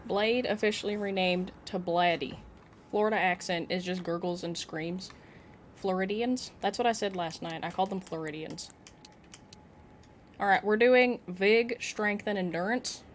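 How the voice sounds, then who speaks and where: A woman streamer chatting casually with her viewers while playing, excitable and giggly. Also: mid-range voice, normal speed, slight background noise. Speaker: game streamer. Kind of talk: casual live-stream chat.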